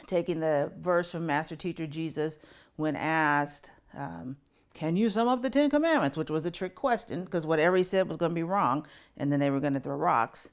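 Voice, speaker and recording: Low-voiced woman pastor, earnest and tender. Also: moderate pace. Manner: earnest and personal, voice softening with grief. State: fighting back tears. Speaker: pastor and podcast host. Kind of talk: reflective spiritual talk.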